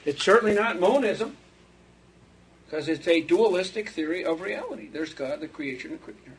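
A man's voice: high-pitched, lively intonation, moderate pace, husky. A man giving an unscripted theology lecture, rambling and digressive, chuckling at his own asides.

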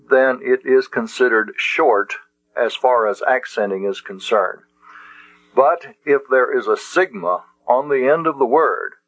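A man teaching a Greek lesson, slowly sounding out words syllable by syllable and explaining rules. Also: medium pitch, dry recording. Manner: slow and deliberate, sounding out syllables. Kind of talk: classroom lecture. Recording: dull lo-fi recording.

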